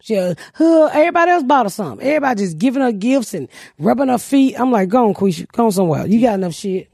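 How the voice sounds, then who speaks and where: A brash, foul-mouthed woman hosts a comedy podcast and tells stories in a lively, swooping voice. She is middle-aged and mimics the people in her stories. The sound is close and dry. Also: a little high, fast, creaky, husky, no echo. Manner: loud, profane, storytelling with mimicked voices. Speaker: podcast host. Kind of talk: casual comedic chat.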